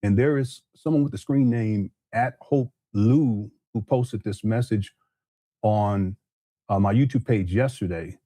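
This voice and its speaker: A man with a low, dark voice hosts his own online show and explains things to viewers step by step. He is careful and hesitant and uses many fillers, and the sound is dry and close. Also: unhurried, no room sound.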